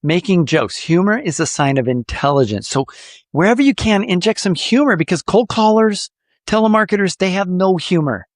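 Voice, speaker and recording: A man hosting a podcast, coaching listeners in a lively, animated way with playful jokes. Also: high-pitched, normal speed, dry recording, clean studio sound. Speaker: podcast host.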